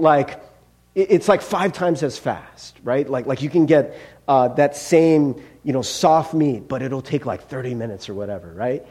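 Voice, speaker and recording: High, lively-voiced chatty male pastor. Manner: chatty, self-deprecating, many fillers and rhetorical "right?". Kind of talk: casual conversational sermon.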